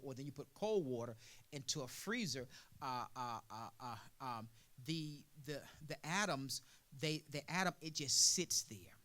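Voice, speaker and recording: A male preacher giving a sermon in a call-and-response style, asking "what?" and answering himself, building from quiet explaining to loud preaching. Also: on the high side.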